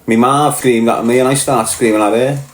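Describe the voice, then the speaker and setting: A man with a Liverpool accent reads his livestream chat briskly, his medium-pitched voice fairly even in intonation. The talk is a casual, blunt rant full of swearing, recorded with roomy echo.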